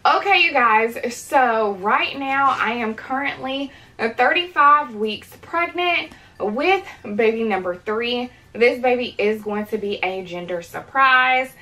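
A young woman in late pregnancy, out of breath and breathy, chatting to viewers in a casual unboxing vlog. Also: fairly high pitch, expressive, takes it slowly, bright, forceful tone, poor audio. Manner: chatty, addresses viewers as "you guys". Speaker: vlogger.

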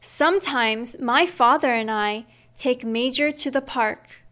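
Slow, high-voiced woman reading a picture book. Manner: slow, gentle reading with sound effects. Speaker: storyteller. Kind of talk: children's picture book read-aloud.

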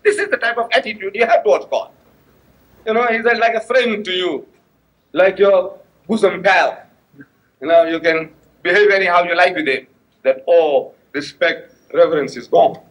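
A man delivers a religious lecture to a mosque audience. His voice sits a little high for a man, and he shifts between storytelling and sharp, mocking bursts of emphasis. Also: moderate pace, rough recording. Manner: animated storytelling with sharp rising outbursts; acts out dialogue, mocking and emphatic.

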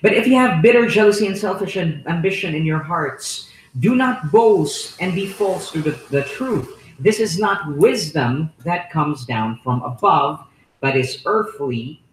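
A man's voice: a little high, expressive, unhurried. A man with a Filipino accent preaching a sermon, emphatic, repeating key words and asking the listeners rhetorical questions. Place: church hall. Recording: echoey room.

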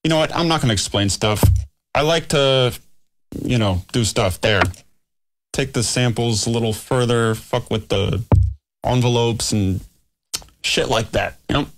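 A man's voice: mid-range voice, a little slow, pauses often. A man producing music on a livestream, talking to himself in a scattered way, swearing and mocking himself. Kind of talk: casual livestream talk while working.

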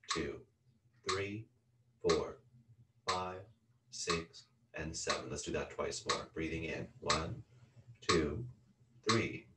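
A man with a low, deep voice leads a guided yoga breathing practice, counting each inhale and exhale in a slow, calm cadence. He sits away from the mic in an echoey room. A metronome ticks loudly behind him. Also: very noisy. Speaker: yoga teacher. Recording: roomy sound from a distant mic with a loud ticking metronome. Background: metronome clicking once a second.

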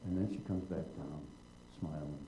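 Low, mellow older man telling wry stories. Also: steady tone, moderate pace, a little hiss or hum. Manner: wry, digressive storyteller who acts out quotes. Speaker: guest writer in public conversation. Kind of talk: anecdotal storytelling on stage. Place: auditorium at a public event. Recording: roomy hall echo.

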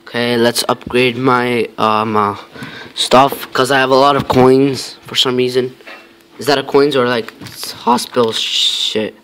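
A man's voice: medium pitch, fairly even intonation, unhurried, a bit bright, slight background noise. A man giving casual, rambling commentary over his own gameplay, talking to himself with many fillers and mock-tough lines.

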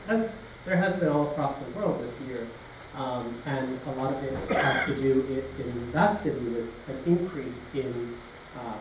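A man from Canada giving an informal public lecture, telling anecdotes along the way. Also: medium pitch. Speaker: guest lecturer. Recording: echoey room from a distance, faint noise.

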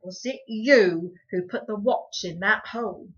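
A woman's voice: medium pitch, a little slow, natural voice. A woman putting on a harsh, cruel housekeeper. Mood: menacing. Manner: harsh, loud, spitting insults. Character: cruel scolding middle-aged housekeeper woman. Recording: dull lo-fi recording.

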